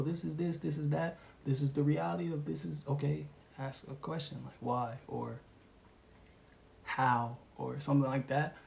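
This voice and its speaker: A male tarot reader gives a casual spiritual reading in a gravelly, mid-range voice, rambling in a relaxed way full of slang and fillers. The room is echoey, with a little hiss or hum.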